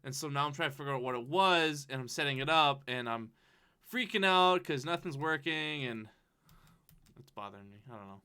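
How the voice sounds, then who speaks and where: A man's voice: on the high side, expressive, fairly quick, bright, forceful tone, clear, resonant tone. A man co-hosting a casual podcast, rambling with lots of fillers and frequent laughs. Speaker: podcast co-host. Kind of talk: casual chat.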